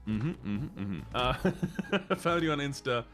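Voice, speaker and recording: A man from the United States with a Midwestern accent chats casually on a VTuber livestream, his medium-pitched, fairly bright voice full of lively intonation. He takes it slowly, rambling, laughing often and reading chat aloud over soft background music.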